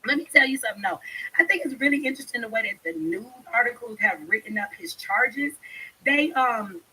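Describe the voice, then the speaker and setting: Young woman, casual vlog chat, blunt, bright, a bit high. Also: expressive, brisk, slight background noise, rough recording. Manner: blunt, laughing, swears a lot, talks straight to viewers. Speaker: vlogger talking to her followers.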